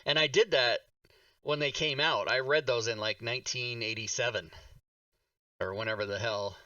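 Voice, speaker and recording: A man's voice: medium pitch, moderate pace, pushed and bright, dry recording. Rambling man hosting a livestream chat. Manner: rambling, self-interrupting. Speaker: host. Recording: dull, slightly distant mic.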